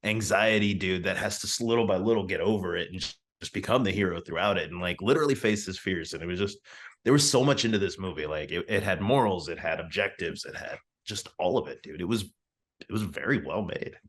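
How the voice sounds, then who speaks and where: A man with a lowish voice co-hosting a laid-back movie review. He gushes about what he liked in loose slang, calling people "man" and "dude.". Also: fast. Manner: enthusiastic, slangy, says "man" and "dude" a lot. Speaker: podcast co-host. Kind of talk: casual film review chat.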